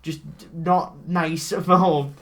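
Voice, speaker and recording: A man co-hosting a casual comedy podcast, animatedly recapping a bad movie with lots of swearing and quick character impressions. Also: on the high side, slight background noise. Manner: animated, swearing, mimics characters mid-story. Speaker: podcast co-host.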